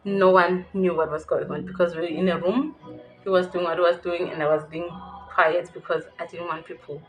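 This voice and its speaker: A woman's voice: lowish voice, fairly even intonation, a little fast, highs cut off, faint music behind. A young South African woman with a South African accent, candidly telling a personal story to her viewers and laughing nervously at times. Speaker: YouTuber. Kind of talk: storytime vlog.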